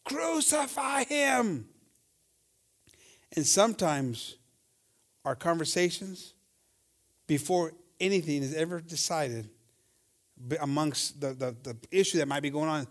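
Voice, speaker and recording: A high-voiced man preaches to his congregation, moving between English and Spanish. He reads scripture at a slow, measured pace, then rises into loud, impassioned shouting and acts out the voices of gossipers. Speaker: pastor. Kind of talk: bilingual sermon.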